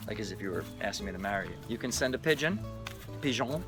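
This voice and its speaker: A man's voice: on the low side, animated, quick pace, music in the background. A man vlogging to camera on a selfie stick, joking and swearing in a mock-exasperated way. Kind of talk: casual to-camera vlog.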